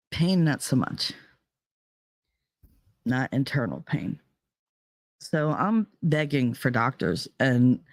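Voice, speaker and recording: A woman's voice: sits low, no room sound, studio quality. Profane woman telling a heated story. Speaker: podcast host. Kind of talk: storytelling monologue.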